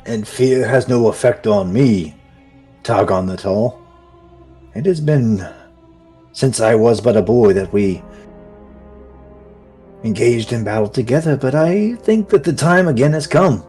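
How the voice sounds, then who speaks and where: A proud old king, as a game master puts him on, speaking in grand, stately phrases at a slow, measured pace. His voice sits at an ordinary middle pitch, and soft music plays behind him. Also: husky. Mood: defiant. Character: proud old male dwarf-like king, bold.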